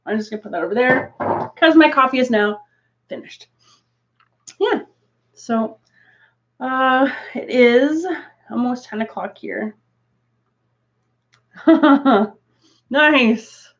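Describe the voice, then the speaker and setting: A woman chatting casually to viewers on a craft livestream, rambling through asides and laughing often. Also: a little high. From Canada. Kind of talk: casual live chat. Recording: dull lo-fi stream audio.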